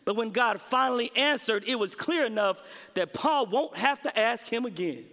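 A man preaching a sermon, with dramatic pauses and emphatic repetition. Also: extremely high pitch, expressive, pushed and bright. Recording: long reverb of a large hall.

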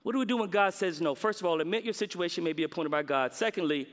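High bright preacher in a reverberant hall. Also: male voice. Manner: preaching with dramatic pauses and emphatic repetition. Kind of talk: sermon. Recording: long reverb of a large hall.

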